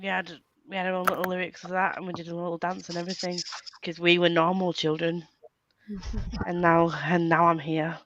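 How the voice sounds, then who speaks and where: A woman hosting a casual reading livestream, giggly and excitable, who swears freely and talks over a video call. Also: lowish voice, brisk, dry recording, muffled recording. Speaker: livestream host.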